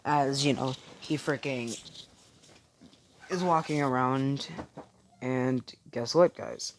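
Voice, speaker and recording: A man telling a fan story off the cuff, rambling and full of filler words. His voice sits mid-range and drifts between loud and quiet. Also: medium pitch, takes it slowly, long pauses, slight background noise. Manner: rambling, many fillers and swearing. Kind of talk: casual fan-fiction retelling.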